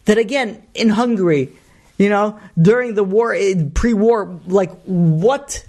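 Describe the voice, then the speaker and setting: A man's voice: sits high, measured pace, a little mellow. A man, a rabbi, telling a story in a sermon, rambling with many asides and restarts.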